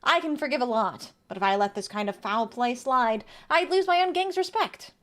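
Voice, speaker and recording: A stubborn, proud young gang chieftain in a video game, as a woman reads him out, in a high voice that rises and falls with a lot of swing. He talks tough and sounds offended. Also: lively intonation, normal speed, fairly bright tone. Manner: reads game dialogue aloud in a light character voice.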